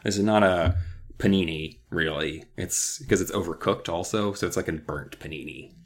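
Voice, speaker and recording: A man co-hosting a podcast, chatting casually about a book and acting out its characters in sudden high-pitched voices. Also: moderate pace. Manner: animated, acts out characters in jumpy high voices. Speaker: podcast co-host.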